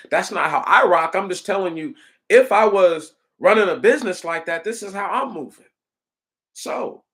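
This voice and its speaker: A man delivering a casual, rambling monologue, animated and profane, speaking straight to his listeners. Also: on the high side. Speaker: commentator.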